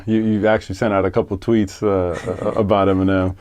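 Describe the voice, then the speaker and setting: A man interviewing a rapper, asking relaxed questions with hesitant fillers. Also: low voice, brisk, smooth.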